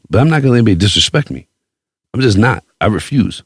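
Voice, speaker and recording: A man hosting a podcast, telling a story in casual chat with a profane, boastful, animated way of talking. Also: fairly low pitch, fast talker, husky, no room sound, studio quality. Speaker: podcast host.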